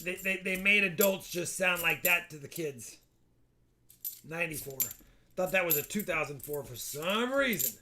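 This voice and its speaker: A man's voice: on the high side, animated, normal speed, bright, forceful tone, a little hiss or hum. A man hosting a casual live stream, chatty and joking as he thanks donors. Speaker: livestream host.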